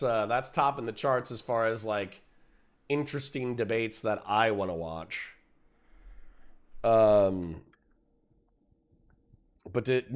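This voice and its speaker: A man's voice: mid-range voice, clean tone. A middle-aged man hosting a casual livestream, ranting about online drama with profanity and frequent laughter. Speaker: livestream host.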